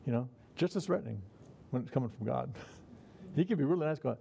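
A man's voice: medium pitch, expressive, fast, gravelly, mellow, slight background noise. A man preaching a conversational sermon, folksy in manner and chuckling at his own remarks. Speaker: pastor.

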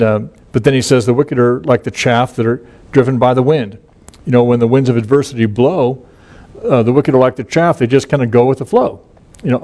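A man's voice: mid-range voice, darkish tone. A middle-aged male pastor gives an informal Bible teaching, talking conversationally with many fillers and restarts and reading scripture aloud.

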